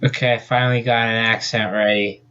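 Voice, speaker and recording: A young amateur reader casually reads a fan story aloud, chatting, laughing at the text, and making off-script jokes. His mid-range voice is level, brisk, pushed, and bright with a clean tone, though the recording is muffled.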